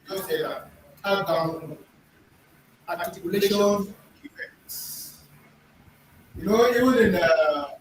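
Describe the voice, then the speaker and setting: A middle-aged man teaches pronunciation to a class. He repeats words and quizzes the students. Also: sits high. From Nigeria. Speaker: language teacher. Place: echoey classroom. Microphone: far room mic. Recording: echoey room, distant mic, faint noise.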